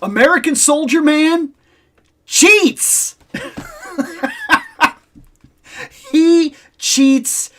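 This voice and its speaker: Animated man with a lively, swinging voice. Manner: animated storyteller, swings between loud exclamations and low asides. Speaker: host. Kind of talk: casual nostalgic chat.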